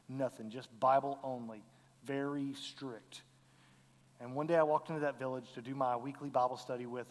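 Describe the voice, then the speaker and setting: A man's voice: a little high, long reverb tail. A man, earnestly telling a mission story to a congregation, acting out the dialogue. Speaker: missionary speaker.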